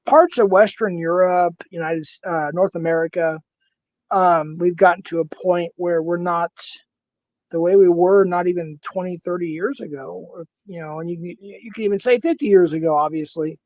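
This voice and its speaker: A man's voice: high-pitched, fairly even intonation, normal speed, a little mellow, no echo. A man in his fifties with a Minnesota accent, hosting a casual livestream panel in a blunt, heated way and swearing freely. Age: 50s.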